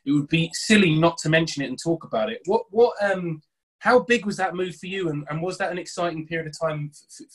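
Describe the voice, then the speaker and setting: A man's voice: fairly high pitch, slightly rough, low-quality recording. A male podcast host asking questions in an interview, hesitant and restarting his questions.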